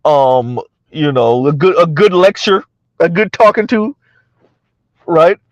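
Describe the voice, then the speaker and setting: High-pitched man, blunt mocking commentary, dry dull lo-fi sound. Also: expressive, slow, no echo. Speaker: commentary channel host. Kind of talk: casual social media commentary.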